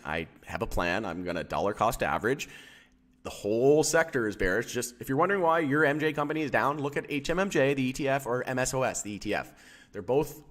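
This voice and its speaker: A man's voice: medium pitch, a bit bright. A man hosting a casual live stream about stock charts, rambling with many fillers and firing questions at his chat.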